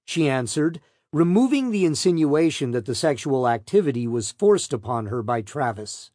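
Lively male narrator of a true crime book. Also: mid-range voice, moderate pace, few pauses, no echo, studio quality. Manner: pointed, probing questioning voice. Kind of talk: first-person true crime audiobook narration.

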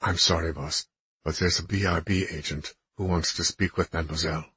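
A man voicing an apologetic male bodyguard in an audiobook, speaking quietly. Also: deep voice, fairly even intonation, a little fast, breathy edge, exaggerated voice.

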